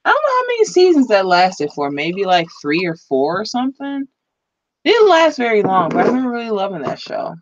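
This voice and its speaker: A woman's voice: mid-range voice, wildly swooping pitch, a little fast, dull audio. A woman chatting on a live stream in a rambling, flustered way, often laughing at herself. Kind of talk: casual live-stream chat. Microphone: computer microphone.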